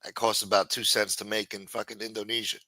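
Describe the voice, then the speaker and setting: A man's voice: on the low side, little pitch movement, fast talker, pushed and bright, dry recording. A man hosting a live-stream show, chatting casually and reading out viewer comments in a profane, rambling way.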